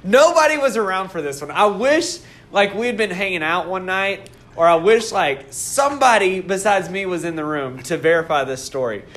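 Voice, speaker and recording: A podcast co-host with a high voice tells a story in casual chat, speaking at a moderate pace with few pauses. He's an animated storyteller and laughs often, with plenty of laughter throughout.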